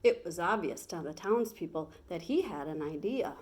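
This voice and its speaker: Teacher lady doing a kids read-aloud, lively and expressive. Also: on the low side, normal speed.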